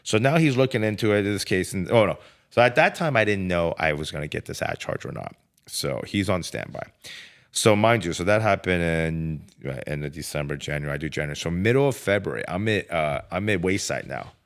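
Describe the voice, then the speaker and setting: A man with a very low voice tells his story on a podcast. He talks casually and with energy, full of swearing and "dude" and "bro.". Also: brisk. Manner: profane, animated, lots of filler like "dude" and "bro". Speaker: podcast guest telling his life story.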